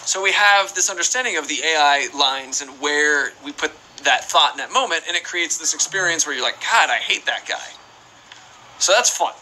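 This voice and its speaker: A man's voice: a little high, fairly quick, hardly any pauses, sharp tone, slight background noise, low-quality recording. A young man streaming a game, chatting casually and reading out viewer questions in a rambling, playful way. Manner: rambling, playful, reads chat aloud. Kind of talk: casual live-stream chat while playing.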